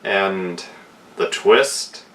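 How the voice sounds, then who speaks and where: Low-voiced male reviewer, casual and unhurried, a bit off-mic. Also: fairly bright tone. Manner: unhurried plot retelling with fillers and restarts. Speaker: film reviewer. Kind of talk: casual spoken film review. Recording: voice distant from the mic.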